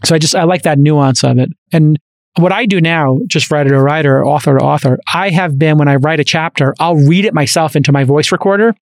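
A man hosting a podcast, chatting casually and telling stories with quick asides and restarts, into a studio microphone. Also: fairly high pitch, no room sound. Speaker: podcast host.

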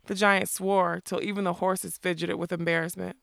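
A woman's voice: on the low side, moderate pace, creaky, clean tone, dry recording, studio quality. A woman hosting a casual book club, reading a novel aloud chapter by chapter. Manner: informal, relaxed delivery.

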